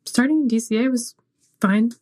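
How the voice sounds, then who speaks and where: A woman's voice: on the high side, normal speed, a little mellow. Easygoing woman in casual chat.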